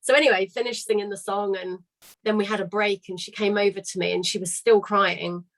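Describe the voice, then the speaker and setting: A woman's voice: medium pitch, fairly even intonation, fairly quick, low-quality recording. A woman who leads a choir tells a story in casual chat on a video call, candid and chatty, swearing now and then. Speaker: choir leader.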